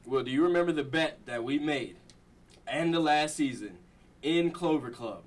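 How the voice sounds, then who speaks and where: A man's voice: fairly high pitch, normal speed, distant mic. A man hosting a casual chat in an easygoing, teasing way. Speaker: show host.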